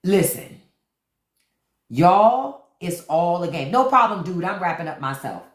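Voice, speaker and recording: Woman host, unfiltered livestream rant, animated pitch, swears freely, echoey room sound. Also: a little slow. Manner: blunt, profane, talks straight to viewers; repeats key words for emphasis.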